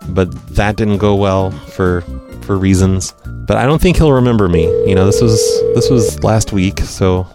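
A man's voice: on the low side, moderate pace, hardly any pauses. A man hosting a prank-call podcast, talking casually with a blunt, sarcastic edge. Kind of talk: casual chat. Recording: faint music behind.

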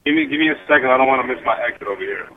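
A man's voice: medium pitch, animated, very fast, a little hiss or hum. A man taking a phone call while driving, defensive and stammering, heard over a hands-free line. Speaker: prank call target. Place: in a car. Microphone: car hands-free phone.

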